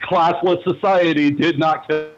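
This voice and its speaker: Man, co-host, casual chat, fairly high voice, hesitant, dull lo-fi audio. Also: fairly even intonation, unhurried, faint music behind. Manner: hesitant, chatty, pedantic, swears. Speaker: co-host on a political stream.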